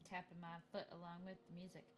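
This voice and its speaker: A woman's voice: fairly low pitch, completely flat delivery, fast talker. A woman playing a tabletop game, chatty and playful. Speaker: player. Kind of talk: casual tabletop play. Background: background music.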